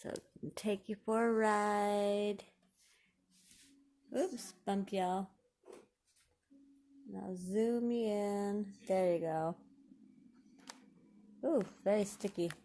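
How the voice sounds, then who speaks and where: A woman, chatting excitedly to viewers while unboxing craft supplies. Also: medium pitch, extremely slow, pauses often, slight background noise. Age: 40s. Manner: gushing, excitable, talks to viewers. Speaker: crafting vlogger. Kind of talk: casual unboxing commentary.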